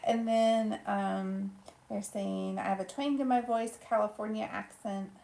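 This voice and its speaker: A woman reads viewer comments aloud during a casual live stream, soft-spoken and unhurried. Her voice has a gravelly creak at a middle pitch. The room around her is echoey. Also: fairly even intonation, crowd noise. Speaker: live stream co-host reading chat.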